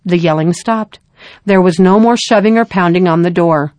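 A woman reading a story aloud in a calm, measured narration. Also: on the low side, no room sound.

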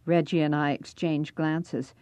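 A woman's voice: deep voice, level tone, unhurried, mellow, smooth, no room sound. A woman narrating a first-person story aloud, reading expressively.

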